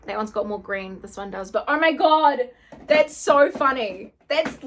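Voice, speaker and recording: A woman beauty vlogger in an excited unboxing chat, gushing and often gasping and squealing. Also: high voice, unhurried, a little hiss or hum.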